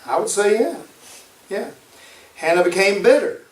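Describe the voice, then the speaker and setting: A man preaches a sermon in a fairly high voice and drives points home by repeating them. He sounds set back from the mic in an echoey room. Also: lively intonation, a little slow, distant mic. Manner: emphatic, repeats key phrases.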